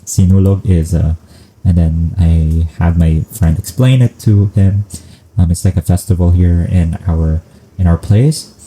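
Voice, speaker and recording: A man's voice: deep voice, fairly even intonation, unhurried, mellow, a little hiss or hum, poor audio. A young man, casually telling a story to camera in a chatty, rambling way. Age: young adult. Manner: chatty, self-aware rambling, acting out quoted dialogue. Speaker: vlogger.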